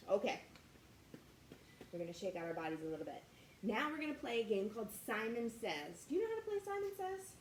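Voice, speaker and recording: A young woman leading a children's martial arts warm-up class, coaching in an upbeat, sing-song way. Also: on the high side. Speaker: kids martial arts instructor. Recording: echoey room with faint ambient noise.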